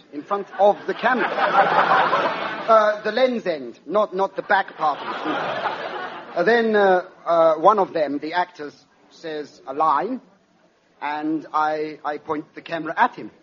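An actor playing a halting, deadpan art-film director in a comedy interview sketch. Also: male voice, fairly high pitch, a loud crowd, very noisy. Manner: halting, deadpan, long pauses. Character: parody of a solemn foreign art-film director, man, middle-aged. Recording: echoey, muffled, audience in hall.

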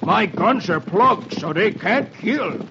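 Brief: man voicing a drawling gravelly cowpoke gunslinger, slow and high-pitched, on a dull hissing vintage radio recording. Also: lively intonation. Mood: gruff drawl. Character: drawling grizzled male cowboy gunslinger turned good. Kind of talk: 1940s radio acting. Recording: muffled old radio recording with hiss.

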